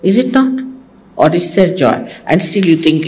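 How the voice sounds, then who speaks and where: A woman's voice: on the low side, animated, a little slow, a little mellow, low-quality recording. A woman giving a sermon to her followers, teasing and scolding with humor. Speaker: spiritual teacher.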